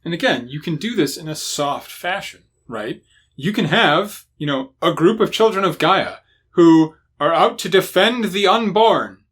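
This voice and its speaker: Guy on a gaming podcast, high voice that swoops around a lot, swears casually. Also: a little slow, husky. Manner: animated, profane, acts out quotes. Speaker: podcast co-host. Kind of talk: casual chat about running tabletop games.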